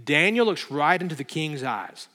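Brief: male pastor, slightly high, bright forceful voice, emphatic sermon delivery in a reverberant hall. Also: sing-song, normal speed. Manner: emphatic, building intensity, dramatic retelling.

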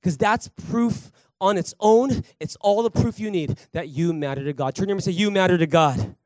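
A man's voice: sits high, a little fast, dark tone, no echo. Emphatic male pastor preaching. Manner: emphatic preacher, calls for applause and congregation responses. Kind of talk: sermon. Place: church service with congregation.

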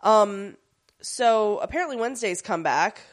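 A woman with a mid-range, lively voice speaks a little slowly as she co-hosts a podcast. In casual chat, she animatedly recaps a TV episode, slipping into the characters' voices along the way.

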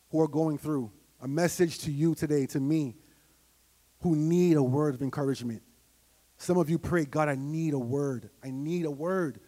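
A man with a high voice preaches a sermon in a church. He moves from quiet, measured teaching to shouted, fervent prayer. A long reverb from the hall trails after his words.

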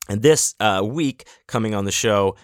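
A man's voice: lowish voice, moderate pace, clear, resonant tone, dry recording, clean studio sound. A man hosting a podcast, talking in a casual, rambling monologue full of restarts and fillers, with the odd swear word. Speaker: podcast host.

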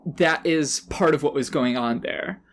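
A man's voice: on the high side, unhurried, fairly bright tone, slight background noise. A man co-hosting a tabletop podcast, talking through a character backstory in a thoughtful, hedging way full of fillers. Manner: thoughtful, hedging, heavy use of "like". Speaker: podcast co-host and player. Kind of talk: casual tabletop character-building chat.

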